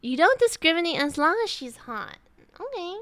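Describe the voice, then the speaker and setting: A woman's voice: very high voice, very animated, moderate pace, fairly bright tone, dry recording. A young woman streamer chatting casually with her live chat, rambling with lots of "like" and restarts.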